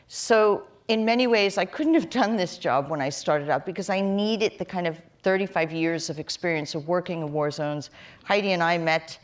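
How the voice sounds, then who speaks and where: On a live panel discussion, a low-voiced woman who directs human rights work speaks earnestly and in measured terms. She uses fillers and sometimes restarts her sentences.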